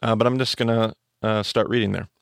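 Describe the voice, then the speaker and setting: A man teaching the Bible on a podcast, his voice heavily gravelly and fairly low. He explains with restarts and fillers and speeds up in asides. It is recorded dry and close on a studio mic. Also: fairly even intonation, a little fast, dry recording.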